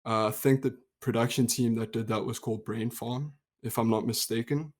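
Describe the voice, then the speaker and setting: A young man with a South African accent, co-hosting a podcast in relaxed, reflective chat and laughing easily. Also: medium pitch, normal speed. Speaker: podcast co-host. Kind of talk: casual chat.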